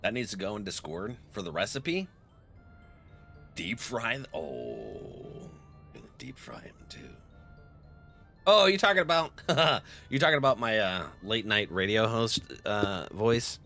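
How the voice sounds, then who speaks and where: A man's voice: fairly low pitch, very animated, measured pace, bright, forceful tone, faint music behind. A young man streaming a game, chatting casually with viewers and laughing often. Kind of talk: casual live-stream chat.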